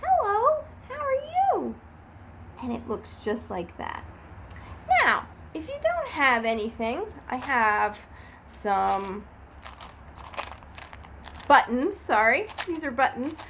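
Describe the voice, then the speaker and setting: A woman teacher giving a gentle, patient, step-by-step craft demonstration for children and their families. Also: a little high, very animated, slow, pauses often, background noise.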